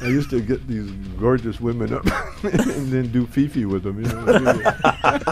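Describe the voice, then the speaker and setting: A man's voice: mid-range voice, sing-song, measured pace, over loud music. An older man, a comedian guest on a radio show, telling rambling stories and laughing often in casual chat. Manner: rambling anecdotes broken by frequent laughter. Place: radio studio.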